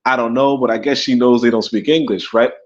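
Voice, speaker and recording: A Caribbean-born man co-hosting a casual talk show, rambling and animated, with many restarts and laughs. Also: medium pitch, fairly quick, highs cut off. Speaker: podcast co-host. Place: in Africa.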